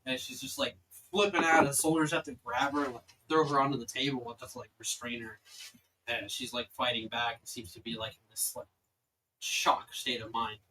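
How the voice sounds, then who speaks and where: A man's voice: mid-range voice, steady tone, moderate pace, bright, forceful tone, a little hiss or hum, poor audio. A young man running a tabletop game as dungeon master, narrating casually with lots of filler words. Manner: rambling, filler-heavy narration.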